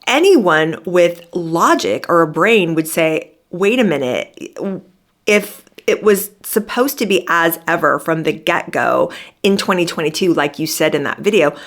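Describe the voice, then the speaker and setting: Woman commentator, worked-up sarcastic monologue, slightly low register. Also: lively intonation, moderate pace. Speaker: commentary vlogger. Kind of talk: opinionated monologue.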